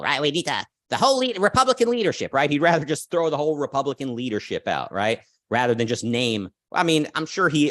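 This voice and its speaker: A man hosting his own commentary show speaks in a mid-range voice with an opinionated, animated delivery. He restarts sentences and keeps checking in with "right?" The sound is dry and close, with no room echo. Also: mid-range voice. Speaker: podcast host. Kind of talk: casual political commentary.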